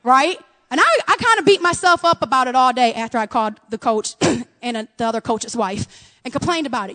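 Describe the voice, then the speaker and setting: Fervent high-voiced woman preaching. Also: animated, fairly quick, long reverb tail. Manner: earnest, addresses listeners as friends, rises to loud fervor. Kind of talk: sermon.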